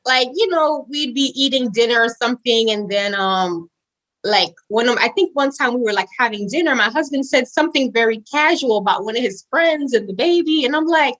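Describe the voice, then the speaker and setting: Animated young woman telling a story. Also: a little fast, poor audio. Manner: animated storyteller, acts out quoted voices with big pitch jumps; casual, says "like" and "girl" often. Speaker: podcast guest. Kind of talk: storytelling interview.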